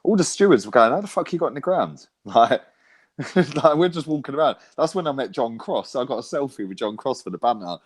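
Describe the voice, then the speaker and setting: A man's voice: mid-range voice, brisk, breathy edge. Swearing football fan man. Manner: animated storytelling, swears constantly, lots of "right?" and "mate". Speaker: co-host, football fan pundit. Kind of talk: casual football chat.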